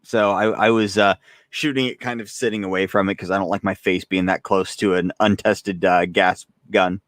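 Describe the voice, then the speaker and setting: A man's voice: low-pitched, fairly even intonation, normal speed, a bit bright, dry recording, studio quality. A young man casually chatting on a live stream as a host, rambling and self-deprecating, often laughing while reading chat. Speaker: gun channel host.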